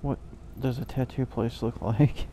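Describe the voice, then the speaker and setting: Sleepy game commentary guy, gravelly, rambles and pokes fun at himself. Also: medium pitch, steady tone, a little slow, warm tone, slight background noise. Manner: rambling, self-mocking asides. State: yawning, tired. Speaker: let's play host. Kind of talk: casual gameplay commentary.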